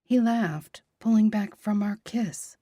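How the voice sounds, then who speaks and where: A woman narrating a romance audiobook in a soft, breathy, half-whispered voice. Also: medium pitch, takes it slowly, no echo, clean studio sound.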